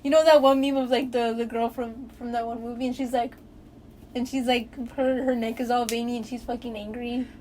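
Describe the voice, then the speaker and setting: A high-voiced young woman chatting on a podcast, excitable and quick to laugh, swearing freely as she tells stories. A faint hiss sits under her voice. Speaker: podcast host. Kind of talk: casual chat.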